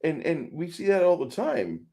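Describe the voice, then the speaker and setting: A man's voice: fairly high pitch, wildly swooping pitch, normal speed, dark tone. A man co-hosting a casual movie podcast, rambling with frequent restarts and putting on voices for quotes. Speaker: podcast co-host; truck driver.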